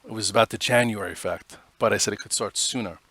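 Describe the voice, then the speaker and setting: A man's voice: fairly low pitch, fast talker, bright, forceful tone. A man hosting a live stock trading show, giving casual, rambling commentary on charts with many fillers.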